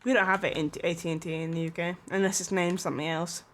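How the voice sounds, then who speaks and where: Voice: medium pitch, fairly even intonation, fast talker, a bit bright. A streamer chatting casually and rambling, with lots of filler words and small laughs.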